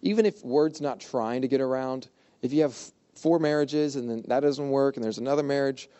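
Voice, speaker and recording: A man delivers a laid-back sermon in a mellow, warm-toned voice. He keeps it informal and humorous, with playful asides. His pitch sits in an ordinary middle range. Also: a little fast, clean tone, lo-fi sound. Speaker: pastor. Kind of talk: conversational sermon.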